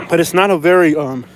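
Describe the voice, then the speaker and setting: Southern man on a phone vlog, rambling and repetitive, slightly higher voice, outdoors with faint traffic hum. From Florida. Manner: rambling, repeats himself, slangy street talk. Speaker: vlogger. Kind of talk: casual walking vlog. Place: outdoors on a snowy windy street. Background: traffic and outdoor ambience.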